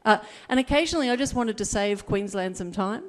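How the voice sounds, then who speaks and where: A woman's voice: medium pitch, expressive, brisk. A woman with an Australian accent doing a chatty stand-up comedy set, slipping into quoted voices. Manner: chatty storytelling with put-on voices. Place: comedy gala stage.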